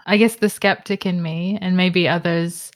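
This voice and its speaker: A woman interviewer with a somewhat low voice speaks in short, reflective turns. She responds gently and laughs easily in a casual chat. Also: fairly even intonation, normal speed. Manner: reflective, brief replies and easy laughter. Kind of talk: casual conversation.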